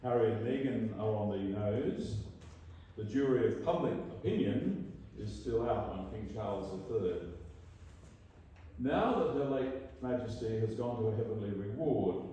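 A man's voice: fairly low pitch, animated, measured pace, mellow. An older man with an Australian accent, giving a prepared address full of anecdotes and telling it with dry, wry humor. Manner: dry wry storytelling, acts out quoted lines. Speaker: guest speaker at an annual meeting. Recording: echoey hall from a distance.

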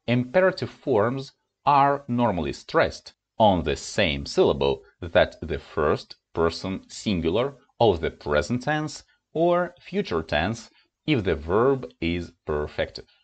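Slowly and with great animation, a low-voiced man gives an English grammar lesson, carefully enunciating example words. He is a native Russian speaker and has a Russian accent.

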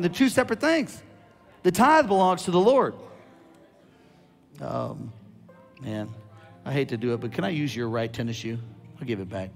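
A man preaching a sermon as a guest preacher, animated and loud at his peaks, with quick asides to the crowd. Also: fairly high pitch, creaky, faint music behind.

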